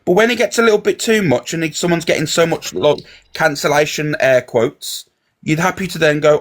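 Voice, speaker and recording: A man's voice: a little high, expressive, brisk. A man ranting in a heated live chat, confrontational and swearing. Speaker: live stream guest.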